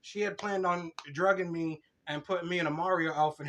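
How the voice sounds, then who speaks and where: Animated cursing podcast guy. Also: high-pitched, a little fast, slight background noise. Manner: swears a lot, animated storytelling. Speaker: podcast co-host. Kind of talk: casual podcast chat.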